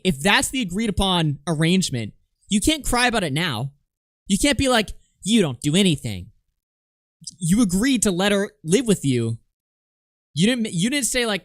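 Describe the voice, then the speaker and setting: A man commenting on a clip during a live stream, mocking the speaker and mimicking him in loud shrieks. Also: high voice, big pitch swings, moderate pace, no room sound, clean studio sound.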